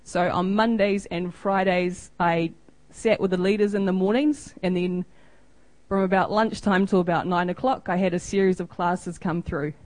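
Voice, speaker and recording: A woman's voice: on the low side, steady tone, normal speed, a little mellow, no room sound, low-quality recording. A woman in her thirties with a New Zealand accent, giving an informal, chatty missionary report over photos and acting out little exchanges. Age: 30s. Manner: chatty, self-deprecating, acts out quoted exchanges.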